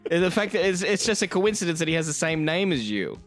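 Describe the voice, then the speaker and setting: A man's voice: a little high, big pitch swings, fast talker, soft background music. A man co-hosting a casual podcast, teasing his friend and laughing often. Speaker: podcast co-host. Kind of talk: casual banter.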